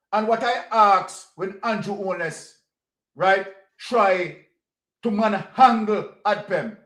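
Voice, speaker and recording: A fiery Jamaican-accented commentator delivers an impassioned political rant, hammering home each point with repetition and challenging questions. The delivery is deliberate and unhurried, and the voice carries a noticeable echo from the room. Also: mid-range voice. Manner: fiery, repeats points, fires rhetorical questions. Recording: roomy echo.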